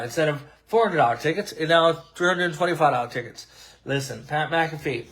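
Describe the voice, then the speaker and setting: Animated ranting male podcast host. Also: fairly high pitch, normal speed. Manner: frequent restarts and filler words. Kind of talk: casual live-streamed wrestling talk show.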